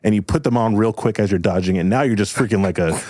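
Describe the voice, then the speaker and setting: Deep-voiced man narrating a game. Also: quick pace, mellow, no room sound, clean studio sound. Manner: casual, filler-heavy storytelling. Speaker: host and game master.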